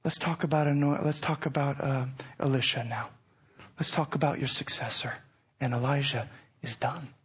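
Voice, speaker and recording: A man preaching a sermon with passion, swinging from hushed, whispered lines to near-shouting peaks. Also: mid-range voice, steady tone, normal speed, slightly rough.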